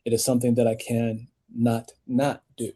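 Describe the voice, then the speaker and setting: A man, an author and audiobook narrator, speaking as a podcast interview guest, animated, with emphatic rises in pitch when he makes a point. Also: normal speed, husky. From United States.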